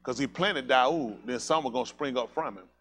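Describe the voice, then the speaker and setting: A man's voice: mid-range voice, normal speed, a bit bright. A man preaching a fiery sermon as pastor, emphatic and colloquial, repeating calls like "listen" and firing rhetorical questions at the congregation.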